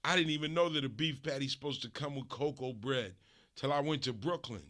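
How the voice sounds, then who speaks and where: A middle-aged man from Los Angeles hosting a stream, ranting through a comic story in an animated, profane way with big swings in pitch and volume. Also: fairly quick. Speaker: stream host.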